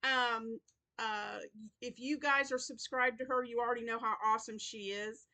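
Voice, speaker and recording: Bright-voiced chatty woman crochet vlogger. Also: fairly high pitch, steady tone, moderate pace. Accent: Southern US. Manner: rambling, chatty, with many fillers and apologies. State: yawning, tired. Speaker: crochet channel host. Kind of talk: casual weekly update vlog.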